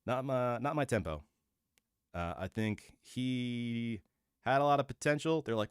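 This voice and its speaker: A man hosting his own channel, giving opinionated casual commentary and thinking out loud with fillers and restarts. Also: medium pitch, unhurried, clear, resonant tone, no echo, clean studio sound. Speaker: host of a football channel.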